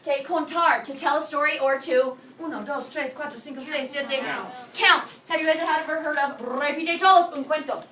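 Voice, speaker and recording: A woman teaching Spanish to a high school class, energetic and playful, drilling students with call-and-response in a classroom. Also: moderate pace, hardly any pauses, crowd noise. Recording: echoey classroom, mic far off.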